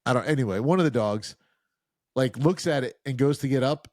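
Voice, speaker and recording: A man's voice: medium pitch, brisk, no room sound. Laid back guy on a podcast telling a funny story, dry mic. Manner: relaxed, chatty storyteller. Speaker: podcast host. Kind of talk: casual podcast chat.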